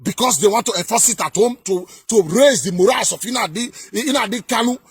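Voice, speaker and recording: A man delivering heated political commentary in a vlog, emphatic and sing-song, often breaking into shouts. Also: sits high, moderate pace, breathy edge, no echo, clean studio sound.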